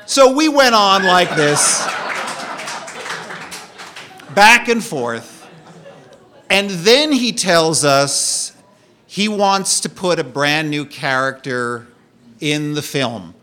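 A man telling a personal story as a monologue, with a wry, animated delivery that drops low and quiet for the darker parts. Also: extremely slow, long pauses.

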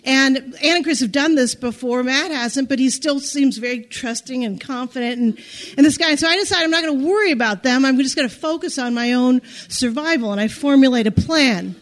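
A woman telling a personal story in an animated, self-deprecating way, often restarting her sentences. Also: sits high, brisk.

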